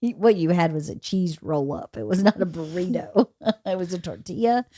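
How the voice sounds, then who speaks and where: A woman's voice: lowish voice, lively intonation, moderate pace, warm tone, no room sound, studio quality. A woman in her forties hosting a podcast, chatting casually and teasingly with her teenage daughter, sounding tired and yawning. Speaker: podcast host.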